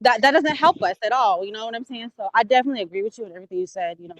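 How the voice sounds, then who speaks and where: A woman's voice: a little high, no echo, muffled recording. A woman hosting a casual livestream discussion, talking emphatically and swearing freely. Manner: emphatic, profane, quick. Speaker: stream host.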